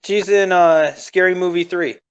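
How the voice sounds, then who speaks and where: A man's voice: high-pitched, steady tone, moderate pace, clean tone, dull audio. A young man co-hosting a podcast, rambling loosely and laughing as he talks about movies. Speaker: podcast co-host. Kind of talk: casual comedic chat.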